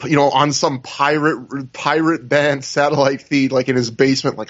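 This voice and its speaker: A man's voice: mid-range voice, moderate pace, few pauses, lo-fi sound. A man co-hosting a casual wrestling podcast over a video call, recapping at length and acting out what others said. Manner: rambling, animated recaps with acted-out quotes. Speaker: podcast co-host.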